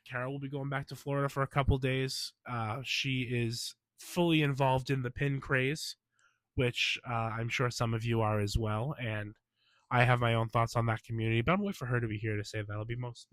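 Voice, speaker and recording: A man chats through a podcast episode, his voice stuffy from a cold. He sits at a middle pitch, opinionated and quick with emphatic asides. The sound is close and dry, with no room around it. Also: fairly even intonation, a bit bright, dry recording. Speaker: podcast host. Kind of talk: casual podcast monologue.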